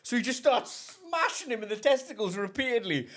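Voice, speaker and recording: Fast-talking man chatting. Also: very high-pitched. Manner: fast, animated storytelling, laughing often. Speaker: podcast co-host. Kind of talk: casual pub-style chat.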